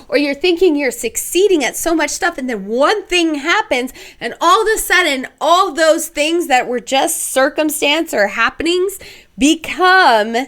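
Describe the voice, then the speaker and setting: Blunt, slow-talking woman podcaster. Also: high-pitched. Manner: blunt and expressive, swears freely, acts out inner voices. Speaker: podcast host. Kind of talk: casual solo podcast monologue.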